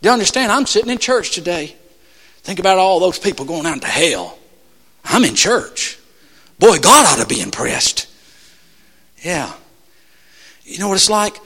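A man preaching a sermon in church, calling out questions to the congregation and swinging between shouts and soft asides. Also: high voice, big pitch swings, moderate pace, long pauses. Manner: call-and-response, rhetorical questions to the congregation. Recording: long church hall reverb.

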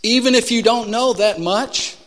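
High-voiced preacher in a reverberant hall. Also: male voice, normal speed. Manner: builds to loud emphatic peaks, then drops low and quiet. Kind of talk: sermon with storytelling. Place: church sanctuary. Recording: long reverb of a large hall.

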